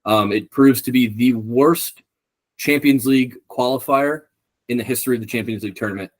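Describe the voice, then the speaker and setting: A young male podcast co-host talks briskly in a mid-range voice. He's chatting casually, drifting from point to point, cursing liberally and saying um a lot.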